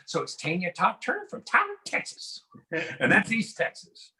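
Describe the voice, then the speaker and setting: Middle-aged male stand-up comic, high-pitched and bright, animated impressions. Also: moderate pace, low-quality recording. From Washington State. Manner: animated, mimics voices and drawls. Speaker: stand-up comedian. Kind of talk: stand-up routine.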